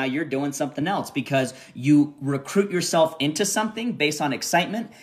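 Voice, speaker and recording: A man giving a casual motivational live talk to his team, energetic and repetitive, checking in with "okay?" after every point. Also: fairly high pitch. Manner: energetic, repeats himself, peppers lines with "okay?". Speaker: network marketing team leader. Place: resort room by a heated pool on a snowy day.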